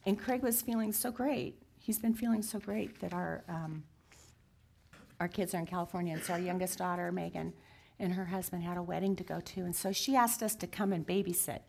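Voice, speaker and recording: A woman's voice: fairly low pitch, steady tone, a little fast, vocal fry, a little mellow, a little hiss or hum. A woman in her sixties telling her story in an interview, earnest and heartfelt, at times dropping to a near whisper. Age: 60s. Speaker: guest sharing her story. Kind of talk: confessional interview talk.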